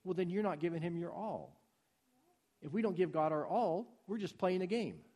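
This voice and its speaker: A man preaching a sermon in a husky voice, swinging from soft pleading to loud urging. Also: high voice, moderate pace.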